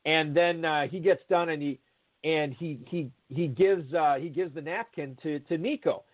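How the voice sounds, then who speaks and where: A man's voice: a little high, normal speed. A man telling a long, rambling anecdote in casual chat, full of fillers and restarts. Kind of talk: casual anecdote over a call. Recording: tinny phone-line audio.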